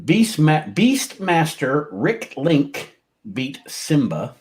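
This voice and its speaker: Slow, lively-pitched man reading results. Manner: unhurried, chuckling, reads results aloud. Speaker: podcast co-host. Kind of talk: casual chat, reading out old match results.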